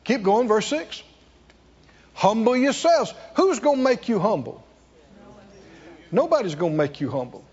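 A male preacher, preaching with rhetorical questions and sudden swings between soft and loud. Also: high voice, sing-song, a little slow, long pauses, husky. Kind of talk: sermon. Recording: dull, echoey hall.

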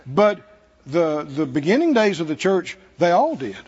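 A man's voice: a little high, very animated, a little slow, a little mellow, husky, highs cut off. A man with a Southern American accent preaching a sermon in a church, folksy and humorous, chuckling between points. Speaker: pastor. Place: church sanctuary.

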